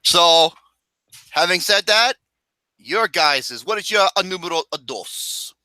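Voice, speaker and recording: A man hosting a casual ranking chat, ranting with plenty of profanity in an animated, exasperated way. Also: high-pitched, slow pace, no room sound. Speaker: podcast host.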